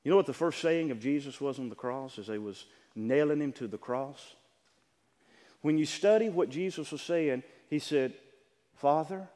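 A male pastor preaching a sermon with dynamic delivery, swinging from loud, impassioned lines to hushed ones. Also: a little high, animated, normal speed. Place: church sanctuary. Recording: church hall reverb.

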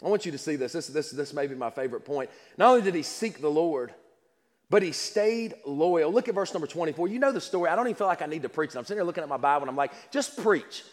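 A man's voice: fairly high pitch, lively intonation, racing. A man preaching a sermon with passion, repeating words and restarting his sentences. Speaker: pastor. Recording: long hall reverb.

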